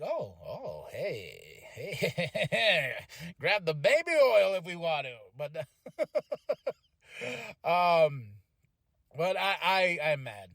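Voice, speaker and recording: Excitable high-voiced man reviewing wrestling. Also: no room sound, studio quality. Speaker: podcast host. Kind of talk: casual wrestling show review.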